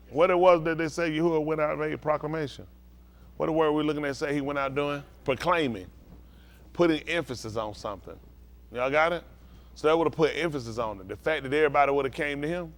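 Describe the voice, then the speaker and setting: Male pastor, fairly high voice, bible teaching, call-and-response, asks if listeners follow. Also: a little fast. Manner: keeps checking the listeners understand.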